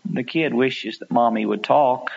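A man's voice: mid-range voice, unhurried, vocal fry, slight background noise. Preacher man, dull old recording. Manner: storytelling with acted quotes, rising to loud pleading peaks. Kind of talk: sermon.

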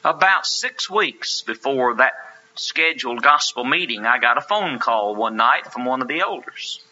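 Animated, bright-voiced preacher. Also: male voice, medium pitch, unhurried, a little hiss or hum. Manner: earnest, emphatic rhetorical questions. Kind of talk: sermon with anecdote. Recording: lo-fi sermon recording.

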